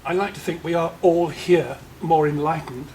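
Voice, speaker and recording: A man's voice: on the high side, steady tone, a little mellow. An older man speaks formally at a meeting, his slightly raised voice stopping and restarting on words. A faint noise hum sits under the recording. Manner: halting, repeats words while finding them. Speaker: meeting member giving vote of thanks. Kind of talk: formal public remarks. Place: meeting room.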